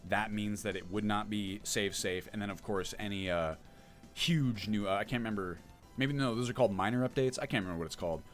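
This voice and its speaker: A man's voice: lowish voice, fairly quick, faint music behind. A man running a casual livestream, chatting as he explains update details and answers chat, thinking aloud as he goes. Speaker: mod developer streaming.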